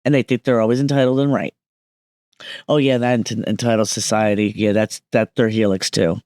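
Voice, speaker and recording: A woman's voice: very deep voice, steady tone, a little fast, warm tone, no room sound, studio quality. A woman speaking as a medium guest on a podcast, explaining emphatically and often checking that listeners follow.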